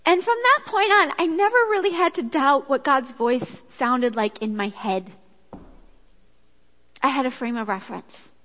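A woman giving a sermon with a personal story, in a chatty, animated way that acts out quotes. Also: sits high, measured pace. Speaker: speaker at a church gathering. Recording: echoey hall.

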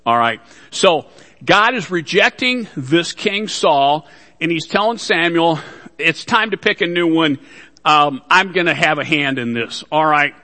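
A man's voice: a little high, animated, a little slow, bright, forceful tone, big-room sound. A man preaching a sermon to his congregation, folksy, with joking asides. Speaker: pastor.

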